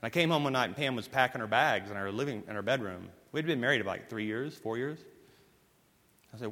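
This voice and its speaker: A man preaching a sermon as pastor, telling stories emphatically and moving between forceful lines and hushed ones. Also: mid-range voice, animated, fast talker. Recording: long hall reverb.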